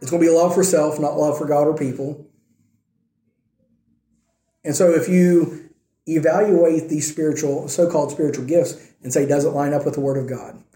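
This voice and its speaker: Male pastor, fairly high mellow voice, easygoing sermon delivery, roomy echo. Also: fairly even intonation, moderate pace, long pauses. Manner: conversational preaching, checks in with "right?" and "okay?".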